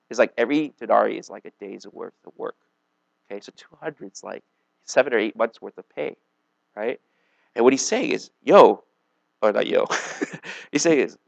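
A man's voice: mid-range voice, lively intonation, moderate pace, vocal fry, no room sound. A man giving a casual, jokey sermon, acting out voices and asides as he tells stories. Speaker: pastor.

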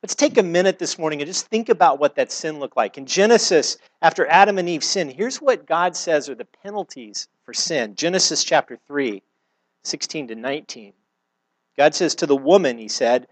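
A man's voice: a little high, animated, normal speed, no echo. Earnest middle-aged male preacher, dry sound. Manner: earnest, conversational preaching with everyday examples; repeats words when restarting. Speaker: pastor. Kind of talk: sermon.

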